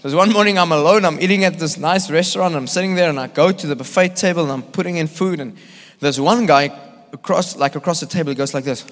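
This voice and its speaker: A male evangelist from South Africa telling animated, laugh-filled stories in a sermon at church. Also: a little high, fast. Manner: animated, acts out voices, laughs often. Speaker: visiting evangelist. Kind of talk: storytelling sermon. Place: church hall. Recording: long church hall reverb.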